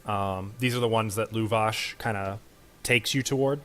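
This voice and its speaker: A man running a tabletop game as game master, laid-back, laughing easily, and giving quick rulings. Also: fairly low pitch, fairly bright tone, slight background noise.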